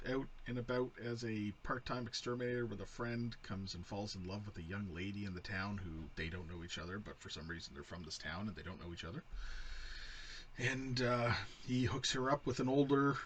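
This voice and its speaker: A man's voice: mid-range voice, sharp tone, slight background noise. A man co-hosting a casual movie review podcast, swearing freely and rambling through a plot summary with frequent laughs. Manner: profane, rambling, laughs often. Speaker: podcast co-host.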